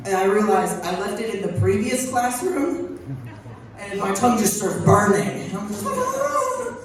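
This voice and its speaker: A man's voice: sits high, lively intonation, normal speed. A young teenage boy doing stand-up storytelling at a school talent show, rambling and laughing through his own jokes. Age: young teen. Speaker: student comedian. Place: large school hall with an audience. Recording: very echoey hall, crowd and noise from far off.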